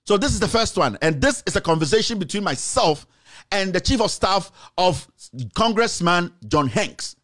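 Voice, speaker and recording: Man, Ghanaian accent, scolding political rant, high voice, swooping intonation. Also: expressive, normal speed, fairly bright tone. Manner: emphatic, scolding, switches into Twi phrases. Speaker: political commentator. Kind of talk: heated online commentary.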